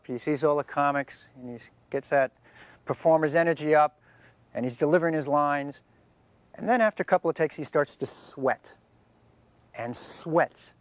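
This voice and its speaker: Higher voiced guy telling an on-set story, dead dry room sound. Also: no echo. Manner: animated storyteller. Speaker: interviewee recalling a film shoot. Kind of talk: anecdotal interview.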